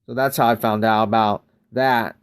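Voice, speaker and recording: A man's voice: on the low side, fairly even intonation, normal speed, clean tone. Chatty American man streaming a game. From United States. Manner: chatty, greets viewers by name, loose rambling asides. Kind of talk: casual live-stream chat.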